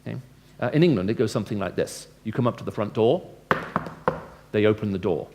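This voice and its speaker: A man's voice: lowish voice, expressive, fast, noisy background. A man giving a lecture-style evangelistic talk to a live audience, speaking conversationally and asking his listeners questions. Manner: acts out dialogue with changing tone. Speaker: Christian speaker.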